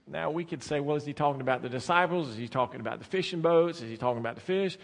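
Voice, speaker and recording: Man, pastor, sermon, dynamic delivery, slightly high voice, echoing church hall. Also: very fast, vocal fry, hardly any pauses. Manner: dynamic preaching, swings from soft to loud. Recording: long reverb of a large hall.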